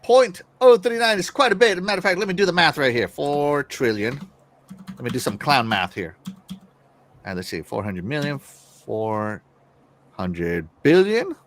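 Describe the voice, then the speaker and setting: A high-voiced man hosting a gaming news podcast, animated and teasing as he reads viewer comments. His pitch swings widely, and the sound is close and dry. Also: moderate pace, dry recording. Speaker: podcast host. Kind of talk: casual gaming news chat.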